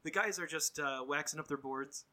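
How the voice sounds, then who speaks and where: A man's voice: a little high, normal speed, pushed and bright. A man casually recapping a TV episode as a podcast co-host, with dry, laid-back asides. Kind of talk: casual chat.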